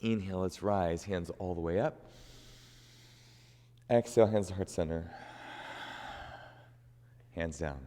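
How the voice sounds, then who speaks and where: A man with a lowish voice guides a yoga class, calmly cueing each breath and pose. He speaks very slowly and evenly. His voice carries a long reverb, as if recorded in a large hall. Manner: calm, unhurried cueing of breath and movement. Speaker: yoga instructor.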